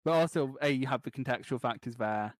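A man's voice: medium pitch, a little fast, dry recording. A man with a hard-to-place English accent, co-hosting a casual podcast, swearing freely and laughing through his stories. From Scotland. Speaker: podcast co-host. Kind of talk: casual chat.

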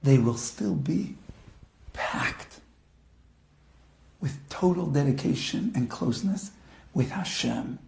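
A man, a rabbi, slowly and earnestly closing his holiday talk with a blessing. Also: fairly high pitch, lively intonation, gravelly, a little mellow, reverberant.

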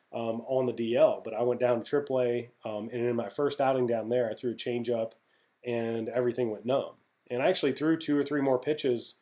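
A man, a former pro baseball pitcher, telling his story in a casual, candid interview with many restarts. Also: warm tone. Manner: rambling, candid, with frequent restarts.

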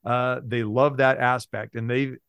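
Man, podcast guest, sports handicapper, exuberant, mid-pitched, dry close recording. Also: flat delivery, a little slow, smooth, no room sound. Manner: exuberant, bursts into loud playful shouting. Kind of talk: casual podcast chat.

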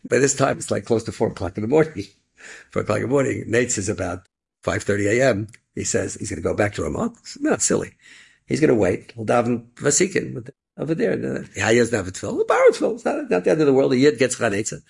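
Fast-talking gravelly man telling a story. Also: mid-range voice. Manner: animated storytelling with Yiddish and Hebrew words. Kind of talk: inspirational story talk.

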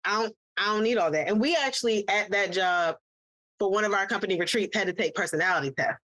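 A woman's voice: medium pitch, a bit bright, no room sound. A woman co-hosting a casual podcast, telling frank stories from her working life. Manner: frank, storytelling. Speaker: podcast co-host. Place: studio couch.

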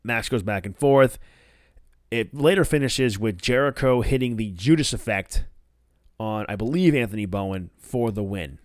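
A man's voice: moderate pace, no echo, studio quality. A man hosting a show, casually recapping events and acting out quoted lines in a raised voice. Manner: animated retelling, acts out quoted lines with higher pitch. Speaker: wrestling podcast host.

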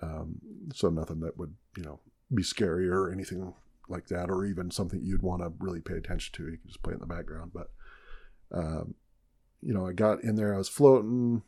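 Low raspy southern guy on a podcast, rambly, pokes fun at himself. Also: fairly even intonation, a little fast, dark tone. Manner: rambling, self-mocking, laughs often. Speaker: podcast co-host. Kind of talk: casual storytelling chat.

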